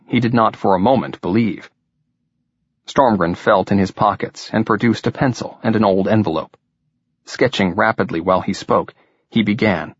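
A man narrating an audiobook in a steady, even storytelling manner. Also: on the low side, slightly rough, no echo. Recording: dull lo-fi recording.

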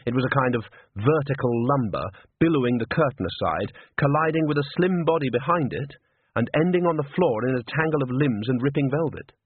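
A man narrating a story in a measured, suspenseful way, his voice husky at a middling pitch. The recording sounds dry and narrow, like a phone line. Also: animated, no room sound. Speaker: audiobook narrator. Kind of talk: scripted narration. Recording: dry, tinny phone-like audio.

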